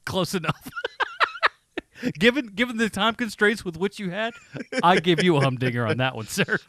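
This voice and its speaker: A man's voice: high voice, huge pitch swings, normal speed, bright, forceful tone, no echo. A man hosting a casual podcast chat, rambling with lots of fillers and frequent laughs. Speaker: podcast host.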